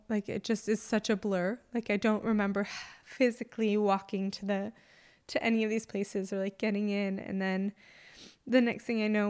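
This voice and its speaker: A young adult woman, a mother, telling a personal story in an emotional, halting way with many pauses and fillers. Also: mid-range voice, darkish tone, clear, resonant tone.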